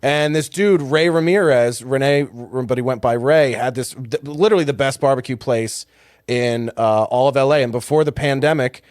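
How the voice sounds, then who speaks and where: A man's voice: medium pitch, darkish tone, no room sound. Comedian guy on a podcast, mid voice, lots of uhs, dry close sound. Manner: halting, lots of uh fillers. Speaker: comedian guest. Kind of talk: casual podcast chat.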